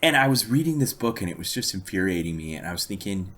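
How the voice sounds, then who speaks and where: Deep-voiced man telling long anecdotes. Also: lively intonation, fast, a bit bright. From United States. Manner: long anecdotes told with dry amusement. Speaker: podcast co-host. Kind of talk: casual chat, storytelling.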